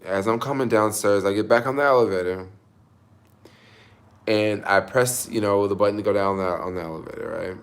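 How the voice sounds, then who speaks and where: Deep-voiced young man, tearful rambling. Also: fairly quick. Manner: rambling, self-conscious, lots of fillers. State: emotional, near tears. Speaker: vlogger and delivery driver. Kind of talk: casual storytelling vlog.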